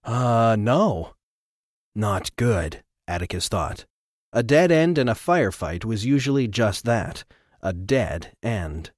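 A man narrating an audiobook with an expressive, dramatic reading. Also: lowish voice, measured pace, dry recording, clean studio sound. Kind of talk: scripted narration.

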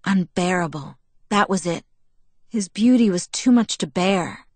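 A woman narrating a first-person novel in a steady, intimate storytelling manner. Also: fairly low pitch, a little slow, dry recording. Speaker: audiobook narrator.

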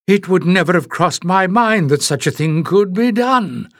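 A man's voice: sits high, slow pace, no room sound, clean studio sound, pitched above the performer's own voice. A man doing an ancient, scheming male piper. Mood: eager. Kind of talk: audiobook character voice.

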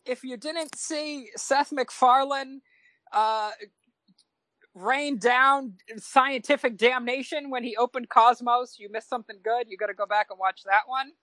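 A rambling talker in a relaxed group chat, full of ums and restarts. The sound is close and dry, with no room echo. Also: high voice, unhurried. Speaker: panel guest. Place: Los Angeles.

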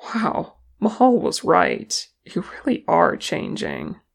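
Reader voicing a young dwarf nephew, muted and soft, wry, gravelly, unhurried. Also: mid-range voice, wildly swooping pitch, heavily acted. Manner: muted, quiet voice.

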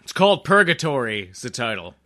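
A man's voice: medium pitch, very animated, a little fast, bright, forceful tone. A man co-hosting a podcast in casual comedic chat, goofy and jokey, often breaking into laughter. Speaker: podcast co-host.

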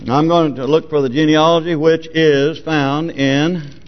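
A man with a high voice delivers a sermon, reading scripture aloud and repeatedly asking the congregation whether they are with him. The lo-fi recording is muffled, and a long church reverb trails after each phrase. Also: fairly even intonation, a little slow. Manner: asks the congregation rhetorical questions; reads scripture aloud with emphasis. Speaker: pastor.

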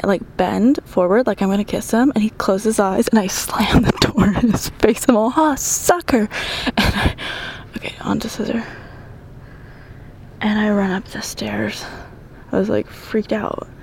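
A young woman telling a story in casual chat, her voice gravelly with fry. She swears freely and slips into half-whispered asides while exercising. A faint hum of noise sits behind her. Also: medium pitch, darkish tone. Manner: chatty, profane, often whispering asides.

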